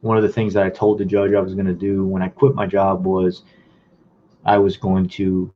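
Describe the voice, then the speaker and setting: A man's voice: deep voice, completely flat delivery, normal speed, a little hiss or hum. A man casually telling his own life story in a rambling way, acting out the dialogue he remembers. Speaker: vlogger. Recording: dull lo-fi recording.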